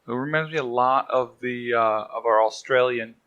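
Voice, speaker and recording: A man's voice: mid-range voice, steady tone, brisk, fairly bright tone, muffled recording. A man co-hosting a podcast, telling odd stories in a loose, jokey way. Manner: jokey, digressive storyteller. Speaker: podcast co-host. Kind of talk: casual chat.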